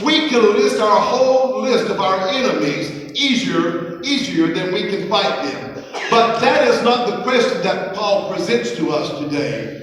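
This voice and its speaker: A man preaching a sermon as pastor, leading the congregation in call-and-response and repeating phrases slowly. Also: high-pitched, lively intonation, a bit bright, slight background noise. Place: church sanctuary. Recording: echoey hall, voice from a distance.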